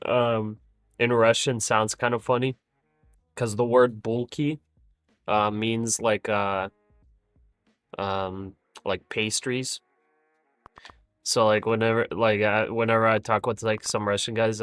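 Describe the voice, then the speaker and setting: A man's voice: on the low side, level tone, unhurried, a bit bright, clean tone, dry recording, soft background music. A man hosting a livestream in casual chat, easygoing and hesitant, with plenty of fillers. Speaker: livestream host.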